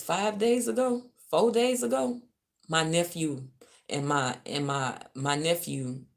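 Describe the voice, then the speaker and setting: Brief: Louisiana woman, spiritual reader venting on a live stream, deep, slow, cussing, drops to mutters then flares up. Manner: profane, venting, swings from muttering to loud. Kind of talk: ranting livestream. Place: hotel room.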